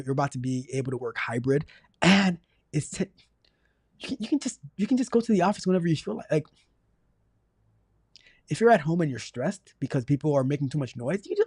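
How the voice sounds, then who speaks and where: Animated man hosting a tech career show. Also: medium pitch, husky, dry recording, clean studio sound. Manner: animated and exasperated, repeating himself for emphasis; jokey, swings between mock outrage and apology. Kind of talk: live call-in advice show, reading viewer questions.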